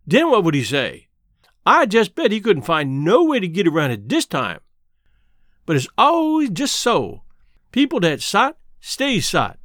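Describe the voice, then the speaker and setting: A man voicing a frightened, superstitious old male slave who pleads in a slow, drawling dialect. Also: high-pitched, fairly bright tone, no room sound, clean studio sound, full character voice.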